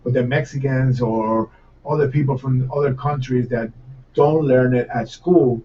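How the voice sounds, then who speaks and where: A Puerto Rican man with a Puerto Rican accent, Spanish as his first language, chatting as a chef guest on a casual podcast and telling animated, swear-laden stories. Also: medium pitch, measured pace, slight background noise. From Puerto Rico. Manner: animated storyteller, swears freely, laughs while telling stories. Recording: distant, dull lo-fi mic.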